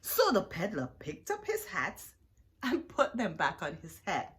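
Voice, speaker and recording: Animated woman reading a children's book. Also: mid-range voice, unhurried. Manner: animated, drawn out, with questions to young listeners. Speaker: children's storyteller.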